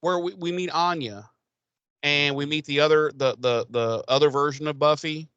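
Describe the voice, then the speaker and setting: A man co-hosting a podcast, recapping a TV episode in casual chat, swearing freely and animated. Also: fairly high pitch, normal speed, smooth, no echo, lo-fi sound. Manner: swearing, animated, quotes characters in put-on voices. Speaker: podcast co-host.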